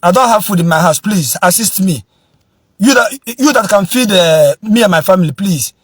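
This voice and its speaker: High-voiced husky Nigerian Igbo man, stammering. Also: lively intonation, normal speed, no room sound. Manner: stammering, repetitive, pleading. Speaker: social media speaker begging for help, then preaching. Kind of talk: pleading appeal and preaching.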